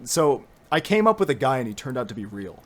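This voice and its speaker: A man hosting a podcast in casual chat, animated and giggly, rambling between thoughts. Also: mid-range voice, fairly quick. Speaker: podcast host.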